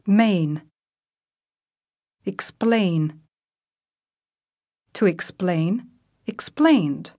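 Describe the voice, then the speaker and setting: A woman reading English vocabulary drills aloud as a teacher, saying each word and example sentence slowly and deliberately. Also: fairly low pitch, expressive, mellow, dry recording, clean studio sound. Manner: clear, deliberate word-by-word enunciation.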